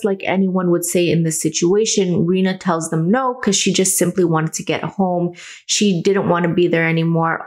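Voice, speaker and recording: A woman hosting a true crime channel, earnestly retelling a case and adding her own comments. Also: fairly low pitch. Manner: earnest, adds personal comments.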